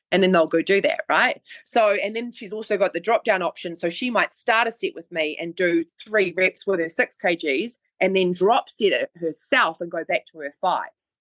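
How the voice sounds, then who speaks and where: A woman's voice: medium pitch, fairly bright tone, no echo. A woman with a New Zealand accent, a fitness coach talking earnestly in a casual podcast conversation. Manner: chatty and earnest, talks fast in bursts. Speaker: guest, online fitness coach.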